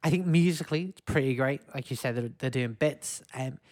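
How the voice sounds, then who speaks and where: A man with a Northern English accent talks casually on a podcast, his thoughts rambling and his sentences full of hesitations. His voice sits in an ordinary middle pitch. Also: brisk. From Wigan, England. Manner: chatty, rambling, hesitant with fillers. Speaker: podcast co-host. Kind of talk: casual chat.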